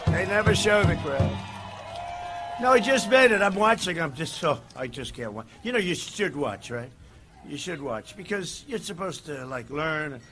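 A man giving a campaign rally speech outdoors, rambling and digressive, swinging between shouted lines and low asides. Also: a little hiss or hum. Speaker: political candidate at a rally.

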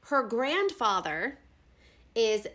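A woman's voice: on the high side, sing-song, very slow, fairly bright tone. A young woman co-hosting a casual podcast about books, talking in a chatty way full of filler words. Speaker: podcast co-host. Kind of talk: casual book chat.

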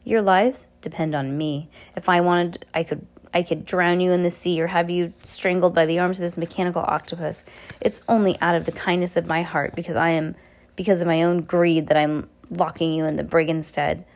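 A woman's voice: lowish voice, level tone, normal speed, lightly acted. A woman reading aloud and voicing a sneering, cruel villainous man who giggles "tee hee" at his own jokes.

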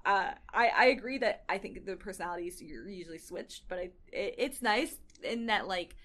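A woman's voice: mid-range voice, expressive, moderate pace, a bit bright. Giggly young woman reading fanfic aloud. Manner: giggly, reads aloud with frequent laughs. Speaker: podcast co-host. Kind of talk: casual fanfiction reading chat.

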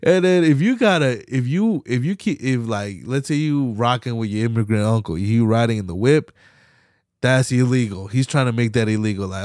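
Podcast guy going off, cussing nonstop, loud then mumbly, dry close mic. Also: lively intonation, normal speed, dry recording. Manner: profane, heated, slangy ranting; swings between loud outbursts and low mutters. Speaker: podcast host. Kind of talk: casual political rant.

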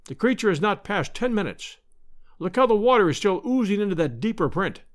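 An eager gentleman hunter on a storybook expedition, read by a man, brisk and quick to exclaim. The voice sits fairly high and moves lively up and down. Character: eager aristocratic male big-game hunter.

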